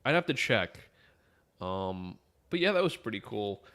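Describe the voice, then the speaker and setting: A man's voice: lowish voice, very animated, a little slow, fairly bright tone. A man co-hosting a gaming podcast who talks bluntly and crudely in a brash, casual way. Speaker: podcast co-host.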